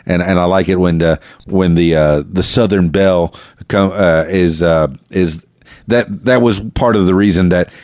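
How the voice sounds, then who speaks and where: A man's voice: deep voice, normal speed, darkish tone, no echo, studio quality. A man from Arkansas hosting a podcast, chatting casually and joking with frequent laughs. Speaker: podcast host. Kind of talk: casual chat.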